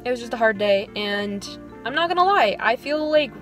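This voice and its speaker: Young woman teacher, 20s, vlogging, dejected and rambling, pitched a bit high. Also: animated, moderate pace, faint music behind. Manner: rambling storytelling, filler "like" throughout. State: dejected, low on motivation. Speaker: elementary school music teacher. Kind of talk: casual vlog venting.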